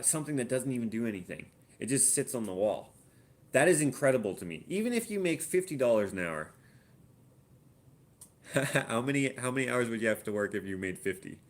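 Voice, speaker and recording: A Canadian man hosting a casual live Q&A from his home art studio, thinking aloud and muttering while he looks things up and works out sums. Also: mid-range voice. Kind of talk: casual live-stream chat.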